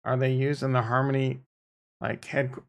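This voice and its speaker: A man's voice: medium pitch, little pitch movement, moderate pace, creaky. A man hosting a casual crypto livestream, rambling and swearing freely as he reacts to viewer comments. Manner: rambling, profane, off-the-cuff.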